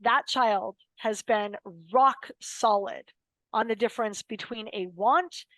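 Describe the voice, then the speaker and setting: A woman's voice: a little high, takes it slowly, fairly bright tone, no echo, low-quality recording. An American woman in her fifties, a guest telling personal stories in an interview, emphatic and dramatic, acting out the quotes. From United States. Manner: emphatic, dramatic storyteller who acts out quotes. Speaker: podcast guest, lawyer.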